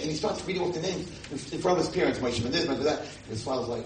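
A man's voice: quick pace, hardly any pauses, reverberant, far from the mic, a little hiss or hum, rough recording. A man giving a sermon as a rebbe, telling stories and building up to emphatic exclamations. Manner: storytelling, rising to emphatic high exclamations. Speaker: rebbe giving a Torah talk. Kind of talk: animated sermon to an audience.

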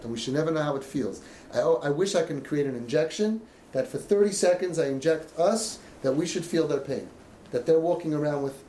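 A man talks to a room of parents with real passion, slipping into the voices of parents and kids. His voice sits fairly high. The room is echoey, with a faint hum of ambience behind him. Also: darkish tone. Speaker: parenting coach speaking to parents. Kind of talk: emotional talk to a parents' group.

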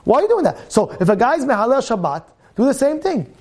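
A man's voice: very high voice, sing-song, fast, darkish tone. A man teaching a weekly Torah-portion class. He talks emphatically, repeats his phrases and keeps firing questions at his listeners.

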